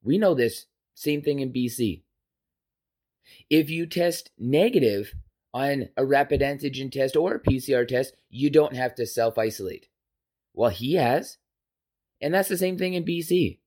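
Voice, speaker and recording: A man's voice: medium pitch, lively intonation, a little slow, darkish tone. A man hosting a podcast, delivering an impassioned, emphatic political rant with profanity. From Canada. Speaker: podcast host. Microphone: podcast microphone.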